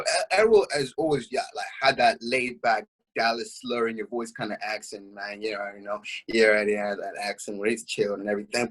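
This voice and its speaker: A young man, chatting excitedly as co-host of a boxing talk show, with lots of fillers. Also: mid-range voice, slightly rough, poor audio. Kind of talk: casual chat.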